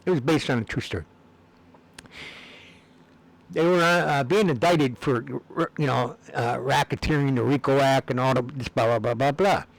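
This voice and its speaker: Gravelly man rambling in a monologue. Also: mid-range voice, normal speed, poor audio. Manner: meandering, repeats words, many fillers. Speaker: video blogger.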